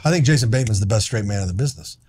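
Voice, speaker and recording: Animated middle-aged male storyteller. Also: fairly low pitch, rapid-fire, over a noisy crowd. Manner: animated, acts out lines in loud put-on voices. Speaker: actor and comedian guest. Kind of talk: casual storytelling chat.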